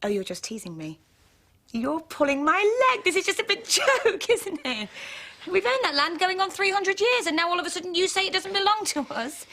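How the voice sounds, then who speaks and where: A woman playing a stubborn, indignant young woman landowner in a stage comedy, insistent and quick to take offense. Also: very high voice, sing-song, noisy background, full character voice. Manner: indignant, insistent, repeats herself.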